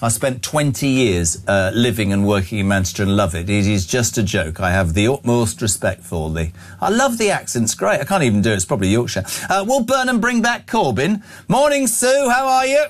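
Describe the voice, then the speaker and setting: A man's voice: mid-range voice, expressive, a little fast, hardly any pauses. A man from southern England hosting a live radio phone-in, joking with callers and reading out their messages. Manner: jokey, chatty, reads out listener messages.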